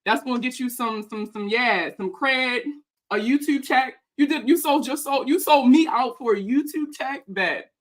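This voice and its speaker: A woman who makes personal finance videos, ranting in a heated, profane, sarcastic way as she reacts to a video about her. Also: sits high. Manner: profane, heated, fast-talking; sarcastic and mocking. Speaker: personal finance content creator.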